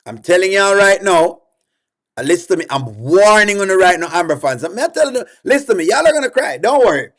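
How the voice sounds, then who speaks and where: High-voiced man reacting emphatically. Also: big pitch swings, brisk, fairly bright tone. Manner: emphatic, repetitive, laughing often. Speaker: reaction video host. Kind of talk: casual reaction commentary.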